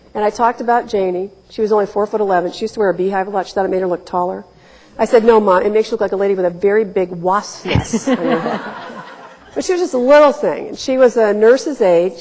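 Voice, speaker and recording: Woman in her forties, from Ohio, wry candid storyteller, mid-pitched voice, long hall reverb. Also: gravelly, warm tone. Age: 40s. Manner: candid, wry storytelling with emphatic quoted asides. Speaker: speaker at a public talk. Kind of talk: storytelling talk. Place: lecture hall.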